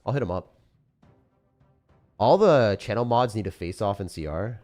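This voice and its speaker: A man's voice: lowish voice, animated, moderate pace, darkish tone, soft background music. A young man giving loose, jokey live commentary on his gameplay as a streamer, full of slang and sudden outbursts. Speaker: gaming streamer.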